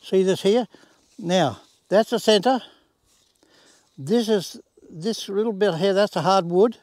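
An Australian man in his 80s casually shows off his home garden outdoors, speaking plainly and folksily with rural sayings. His high voice is slow with a darkish tone, and there's no room sound.

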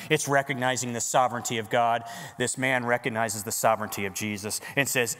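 A man preaching a sermon as pastor in a church worship center, animated and conversational, joking with the congregation. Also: mid-range voice, brisk, big-room sound.

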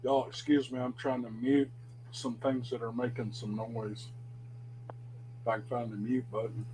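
A man's voice: mid-range voice, little pitch movement, normal speed, heavy background noise. A man chatting casually on a podcast, talking about doing character voices with some self-doubt. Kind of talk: casual chat.

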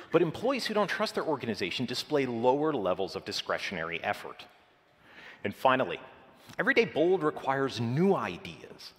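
Man, keynote presenter, lively swooping pitch, dramatic pauses, hall echo. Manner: dramatic, measured emphasis. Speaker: conference presenter. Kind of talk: scripted conference keynote. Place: large conference hall. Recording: reverberant conference hall.

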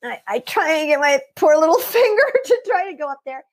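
A middle-aged woman telling her own story as an interview guest, animated, laughing often and acting out what others said. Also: high-pitched, brisk. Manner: animated, laughs often, acts out quoted voices. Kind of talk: personal story in conversation.

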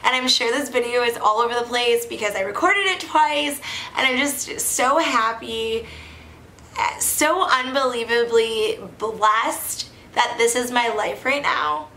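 Young woman vlogger in her twenties, bright and chatty, rambling and excitable, recorded in an echoey room. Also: a little high, a little slow. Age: 20s. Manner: giddy, rambling, lots of "like" and laughter. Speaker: wine review vlogger. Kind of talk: casual vlog chat. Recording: echoey room with faint background noise.

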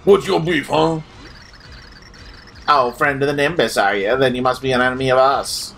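A man's voice: mid-range voice, steady tone, moderate pace, gravelly, fairly bright tone, faint music behind. A man joking along as co-host of a let's-play video. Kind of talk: casual gameplay banter.

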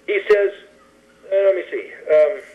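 A man on a talk show guesting to read scripture verses slowly and explain them with loose, pausing commentary. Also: sits high, narrow, tinny audio. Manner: reads verses slowly and deliberately, then ad-libs commentary with pauses and fillers.

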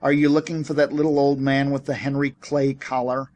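A man's voice: mid-range voice, little pitch movement, brisk, darkish tone, close to an everyday voice. A man voicing an irritable, bitter train brakeman who grumbles at a passenger, in an audiobook. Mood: grumbling. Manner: gruff and grumbling.

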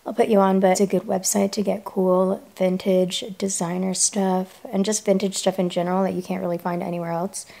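Chatty young woman vlogger, gravelly voice. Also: mid-range voice, level tone, fairly quick, hardly any pauses, dark tone, roomy sound. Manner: chatty, frank, says "like" often. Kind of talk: casual chat to camera.

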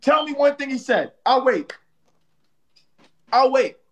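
High-voiced man trash-talking on a live stream. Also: animated, slow. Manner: playful trash-talking, teasing viewers and a rival streamer; slangy, repeats phrases, tags lines with "bro". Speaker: livestream host. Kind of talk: casual live-stream banter.

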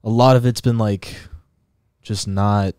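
A man's voice: fairly low pitch, fairly even intonation, unhurried, darkish tone, clear, resonant tone, no room sound, studio quality. A young man co-hosting a podcast, chatting casually in a laid-back, rambling way. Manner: laid-back, rambling, breaks into rapped lines. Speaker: podcast co-host. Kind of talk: casual chat.

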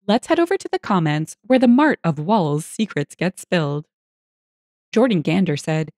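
A woman narrating online stories and reader comments for a story channel, with an expressive, amused delivery. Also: medium pitch, moderate pace, no room sound, studio quality.

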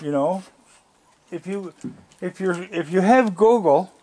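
An older man talks plainly and casually outdoors, recorded on a handheld camera. His voice sits a little high for a man. He chats in a homey way and coaxes the animals in a soft voice. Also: slow pace. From Nova Scotia, Canada. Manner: plainspoken, chatty, talks to the animals in a gentle coaxing voice. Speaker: wildlife vlogger. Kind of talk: casual talk while feeding raccoons.

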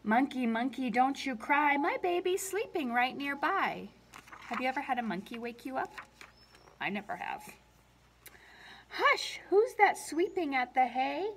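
High, lively woman reading a lullaby. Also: moderate pace, slight background noise. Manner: playful and animated, making animal sounds and asking children questions; lilting, sing-song lullaby reading. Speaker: children's librarian. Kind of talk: reading a picture book aloud at story time.

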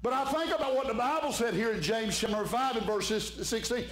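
A man's voice: extremely high pitch, fairly quick, fairly bright tone. A man preaching an evening sermon as pastor, fervent and fond of saying "my friend". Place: church sanctuary. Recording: echoey church room with faint hum.

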